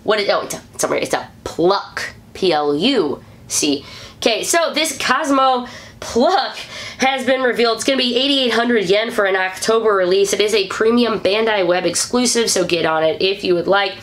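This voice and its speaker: A woman from St. Louis hosting a weekly fan news vlog, upbeat and chatty, breaking into excited whoops. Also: mid-range voice, moderate pace. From St. Louis, USA.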